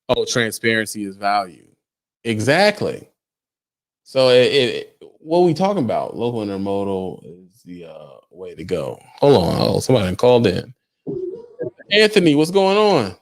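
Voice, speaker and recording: Emphatic young man chatting to viewers. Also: fairly low pitch. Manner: emphatic, rhetorical questions to his audience. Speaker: truck driver and livestream host. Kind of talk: casual livestream chat with viewers.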